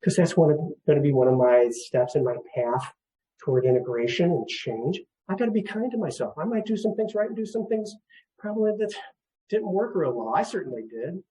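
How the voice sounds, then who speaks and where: Middle-aged guy, mellow soft voice, gentle grief talk, kinda high for a man. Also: animated, brisk, low-quality recording. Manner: gentle, repeats words, chuckles often. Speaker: grief counselor. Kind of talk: seminar talk.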